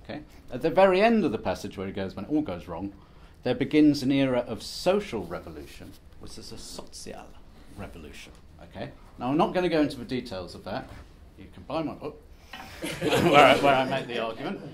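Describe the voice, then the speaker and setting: A man's voice: medium pitch, very animated, fairly quick. A man giving a conference presentation as an academic, lecturing in a wry, self-deprecating, conversational way. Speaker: academic speaker.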